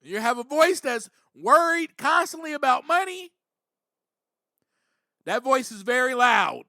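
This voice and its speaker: A man's voice: very high-pitched, very animated, unhurried, pushed and bright, no room sound, clean studio sound. A man hosting a podcast, giving earnest, reflective spiritual recovery talk, with frequent "you know" and bursts of emphasis. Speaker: podcast host.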